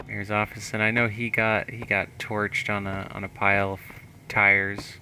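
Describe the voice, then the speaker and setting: A man's voice: lowish voice, fairly even intonation, unhurried, sharp tone, slight background noise. A man streaming a video game live, chatting casually and thinking aloud as he plays.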